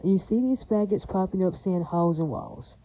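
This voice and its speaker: A woman's voice: fairly low pitch, moderate pace, dark tone, poor audio. A woman delivering a heated, rambling monologue, repeating herself and circling back to the same verbal tics. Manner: heated and defiant. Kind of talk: ranting monologue.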